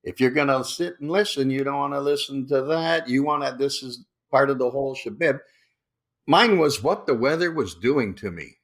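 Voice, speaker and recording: Animated older actor telling stories. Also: male voice, medium pitch, moderate pace. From Canada. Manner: acts out lines in put-on voices, swears freely. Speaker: guest actor.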